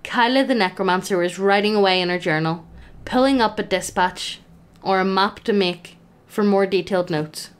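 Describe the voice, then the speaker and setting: A woman's voice: medium pitch, normal speed, clear, resonant tone. A woman acting as game master, narrating a tabletop game in a playful, amused way.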